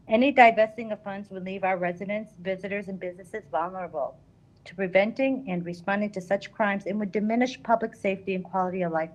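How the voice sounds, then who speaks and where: A woman's voice: mid-range voice, poor audio. A woman, giving a prepared public comment at a city council meeting and reading her statement earnestly.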